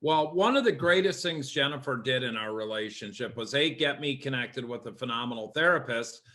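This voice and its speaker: A man's voice: mid-range voice, lively intonation, brisk, sharp tone. A man co-hosting a talk show, speaking bluntly and plainly about his own life. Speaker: co-host. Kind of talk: candid talk show chat.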